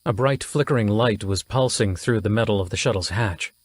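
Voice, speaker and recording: A man narrating a science fiction audiobook in a steady, even storytelling manner. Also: fairly low pitch, a little fast. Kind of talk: scripted narration.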